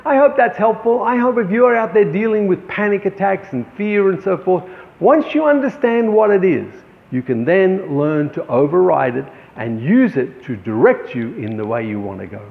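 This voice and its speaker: A painter with a high, creaky voice gives an animated, encouraging motivational talk to fellow artists, addressing them as friends, at a normal pace. The audio sounds echoey and tinny, like a phone.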